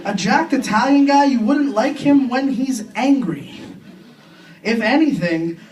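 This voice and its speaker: A young Canadian man doing a crude, self-deprecating stand-up comedy set on a club stage, with quick impressions between punchlines. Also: very high voice, darkish tone. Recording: distant club recording with faint room noise.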